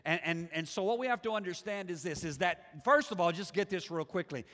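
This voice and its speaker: A man's voice: sits high, brisk, a bit bright. A male pastor delivering a sermon in a large church, drawing the congregation in with questions. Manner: preaching with call-and-response questions to the congregation. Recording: long hall reverb from church.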